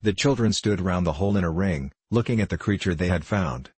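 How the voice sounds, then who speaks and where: A man narrating a children's storybook in a steady, measured way. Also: deep voice, slightly rough, no room sound. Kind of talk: audiobook narration.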